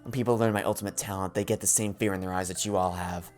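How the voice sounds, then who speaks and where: Guy doing a withdrawn assassin girl, quiet low voice, curt flat lines, faint game music behind. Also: quick pace, close to an everyday voice. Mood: guarded. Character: cold guarded teenage girl assassin.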